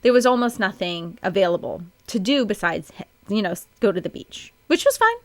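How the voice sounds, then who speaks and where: A woman's voice: medium pitch, sing-song, normal speed. A woman in her thirties hosting a podcast, telling a personal story in a chatty, candid way with plenty of fillers. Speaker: podcast host.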